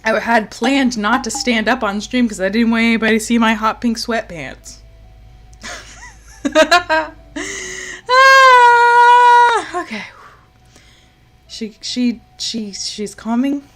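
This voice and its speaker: A woman streaming a video game live, talking casually and in exasperation, swinging from loud outbursts to low muttering and swearing freely. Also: slow pace, long pauses, faint music behind.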